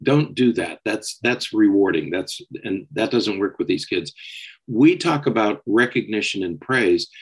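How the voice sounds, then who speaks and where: Podcast co-host, male, low husky voice, steady explainer. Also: measured pace, low-quality recording. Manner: steady, explanatory, often checks with "okay?". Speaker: psychologist co-host. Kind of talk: casual podcast discussion.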